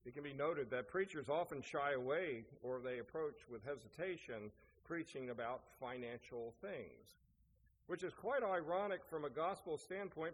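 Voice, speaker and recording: A man preaching a sermon as pastor, telling a story and asking rhetorical questions. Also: medium pitch. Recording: echoey hall, faint noise.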